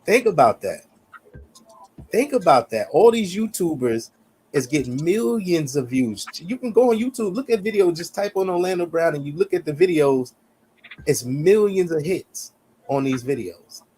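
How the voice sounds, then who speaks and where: His voice is a little high and dark, with big pitch swings at a normal speed, and soft music plays underneath. As a podcast co-host in a heated, casual debate, he argues emphatically, repeating his points and saying "you see what I'm saying" again and again.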